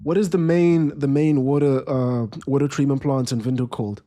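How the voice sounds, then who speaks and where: A young man hosting a live football watchalong, reading viewer chat aloud and giving casual commentary in a relaxed, rambling way. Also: mid-range voice, moderate pace. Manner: relaxed, rambling, restarts sentences.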